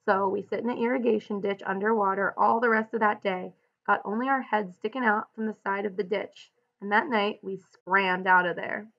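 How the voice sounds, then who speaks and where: A woman reading aloud the lines of a blunt, weary ranch-hand man who protects his friend, in a rough, plain-spoken way. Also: medium pitch, steady tone, moderate pace, highs cut off, natural voice. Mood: telling.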